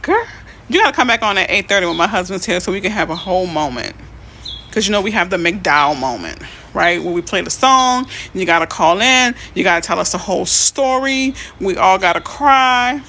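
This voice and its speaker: A woman's voice: medium pitch, normal speed, a little hiss or hum. Effusive realtor woman on a livestream. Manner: effusive, excitable, tearful at times. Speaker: realtor and motivational host. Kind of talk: emotional live-stream chat.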